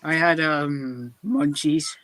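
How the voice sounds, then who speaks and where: A man's voice: on the high side, slow pace, a bit bright, no room sound. A man in a casual movie chat, hesitant with many ums.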